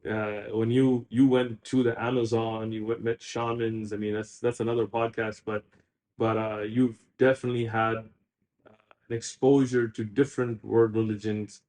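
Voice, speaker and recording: A man hosting a podcast interview, talking in animated, quick bursts with rising emphasis. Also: on the low side. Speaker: podcast host. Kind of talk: casual interview chat.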